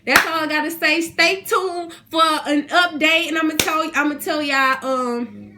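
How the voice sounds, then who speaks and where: A young woman, ranting to her viewers in an animated, indignant, slangy way. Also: high-pitched, a little slow, noisy background. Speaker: vlogger. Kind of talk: casual rant to camera.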